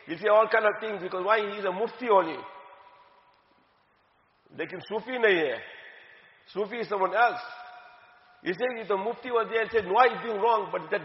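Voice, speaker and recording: A woman's voice: medium pitch, normal speed, pauses often. Earnest woman teaching in an echoey hall. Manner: earnest, repeats key phrases for emphasis. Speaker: religious teacher. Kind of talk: religious talk. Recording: dull, echoey hall with long reverb.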